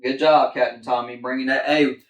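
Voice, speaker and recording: A woman's voice: a bass voice, fairly even intonation, fairly quick. Upbeat woman teaching children, encouraging, in an echoey room. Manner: upbeat, encouraging, talks straight to kids. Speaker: kids ministry leader. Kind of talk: livestreamed children's church lesson.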